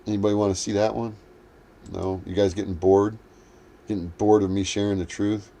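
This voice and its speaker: A man's voice: lowish voice, flat delivery, a little fast, mellow. A man hosting a livestream, ranting in a heated, profane, combative way. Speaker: livestream host. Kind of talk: livestream rant.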